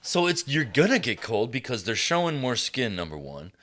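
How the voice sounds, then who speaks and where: A man with a deep voice hosting a podcast, talking casually with lots of swearing and laughter. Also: moderate pace. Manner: animated, swearing, laughing often. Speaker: podcast host. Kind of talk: casual chat.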